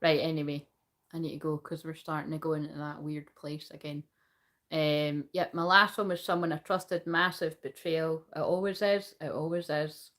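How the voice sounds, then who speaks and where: A woman's voice: sits low, steady tone, normal speed, a bit bright. A woman giving a casual tarot reading, rambling, swearing freely and laughing often. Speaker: tarot reader.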